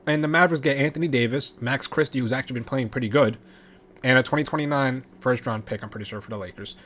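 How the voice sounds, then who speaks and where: A man's voice: medium pitch, quick pace. Fired-up man ranting about trades. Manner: excitable, profane, rambling with frequent restarts. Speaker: sports reaction vlogger. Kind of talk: casual reaction commentary.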